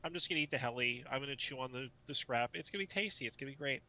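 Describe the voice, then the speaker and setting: A man on the staff cutting in with quick jokes and remarks during an online meeting over voice chat. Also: mid-range voice, sharp tone, dull audio. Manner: joking, quick interjections. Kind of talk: casual online meeting banter.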